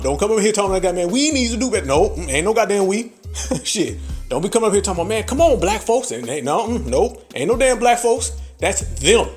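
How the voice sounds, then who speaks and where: A man hosting a podcast, delivering a brash, profane comedic rant full of laughter. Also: high voice. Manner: brash, laughing, heavy swearing. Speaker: podcast host.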